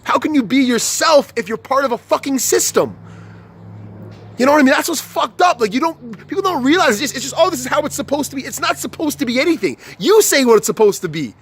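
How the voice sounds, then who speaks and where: A man's voice: very high voice, very animated, a little fast, a little hiss or hum. A young man ranting to camera with a lot of swearing, stumbling and restarting his sentences, and growing heated. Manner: profane, repetitive, heated and restarting. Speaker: vlogger. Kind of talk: unscripted motivational rant.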